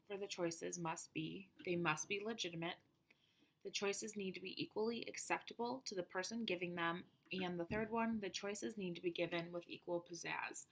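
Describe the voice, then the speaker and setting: A woman reading a prepared presentation on classroom methods in a steady, explanatory manner. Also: on the low side.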